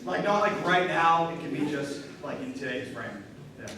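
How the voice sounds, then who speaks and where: A man's voice: fairly high pitch, lively intonation, normal speed, background noise. A man with a Boston accent asking a panel a question from the audience, chatty and joking. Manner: chatty, joking, laughs a lot. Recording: echoey hall, distant mic, crowd.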